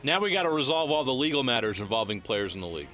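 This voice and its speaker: A man's voice: mid-range voice, very animated, very fast, bright, forceful tone, faint music behind. A man co-hosting a sports talk radio show in a studio, bantering and teasing.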